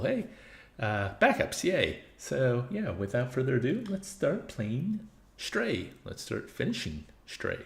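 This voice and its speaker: A man's voice: mid-range voice, vocal fry, reverberant. A man streaming a video game, casually chatting with viewers and laughing at himself. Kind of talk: casual gameplay commentary.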